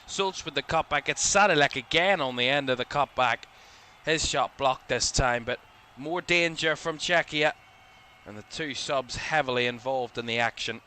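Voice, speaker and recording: Bright-voiced man calling football live. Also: medium pitch, moderate pace, a little hiss or hum. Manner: relaxed, chatty, thinking aloud with small self-corrections. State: yawning, a little drowsy. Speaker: watchalong commentator. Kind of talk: live play-by-play football commentary.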